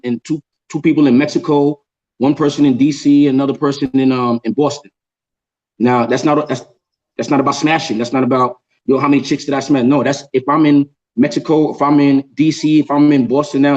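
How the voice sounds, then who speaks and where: Fast-talking man telling a story. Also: medium pitch, dull audio. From New York. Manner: animated storytelling, repeats words. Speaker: show host. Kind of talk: casual group chat.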